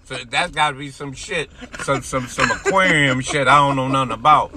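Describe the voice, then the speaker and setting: A man co-hosting a live stream, roasting his nephew in loud, profane banter with bursts of laughter. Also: mid-range voice, moderate pace, a crowd in the background. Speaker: co-host, the uncle. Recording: noisy live-stream audio.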